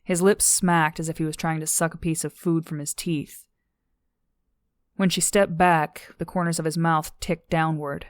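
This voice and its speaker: A woman reading an audiobook in a steady, measured narration. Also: sits low, no echo, studio quality.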